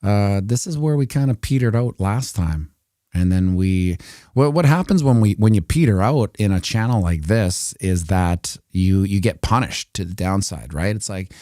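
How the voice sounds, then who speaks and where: A man's voice: fairly low pitch, expressive, normal speed, warm tone, no echo, clean studio sound. A Canadian man giving casual, rambling commentary on crypto price charts during a livestream, with jokey asides.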